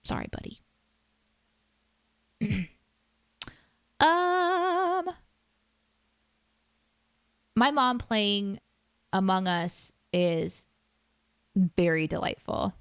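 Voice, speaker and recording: A woman's voice: medium pitch, very slow, pauses often, a bit bright, smooth, dry recording. A woman streamer chatting casually with her viewers, reading chat aloud and teasing herself. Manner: chatty, self-deprecating, reads chat aloud.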